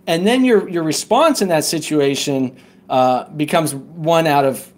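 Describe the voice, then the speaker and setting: A man's voice: on the high side, unhurried. A man speaking as a podcast guest, telling a personal story earnestly and often checking in with "right?". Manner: earnest, tags points with "right?". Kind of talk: casual conversational storytelling.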